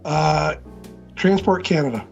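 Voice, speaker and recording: Quick-quipping co-host, lo-fi audio. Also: medium pitch, expressive, gravelly, soft background music. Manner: brief interjections and quips. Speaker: livestream co-host. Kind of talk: casual livestream banter.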